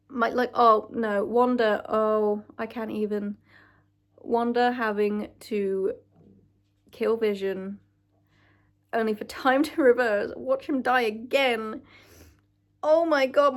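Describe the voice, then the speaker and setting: A young woman from Britain chatting casually to camera as a vlogger, gushing and emotional, swearing freely. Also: fairly high pitch. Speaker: vlogger ranking films.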